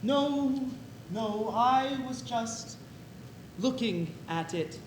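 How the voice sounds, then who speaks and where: A man's voice: extremely high pitch, animated, drawn-out words, exaggerated voice. A man playing a lonely flower watcher. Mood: wistful. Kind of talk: stage play. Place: echoey theater stage. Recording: echoey stage recording with faint noise.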